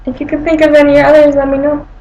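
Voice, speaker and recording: A woman's voice: high voice, completely flat delivery, fast talker, roomy sound, dull audio, heavy background noise. A woman with an American accent, chatting playfully to camera while talking to her pet cat at home. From United States. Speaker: vlogger. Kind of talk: casual chat to camera.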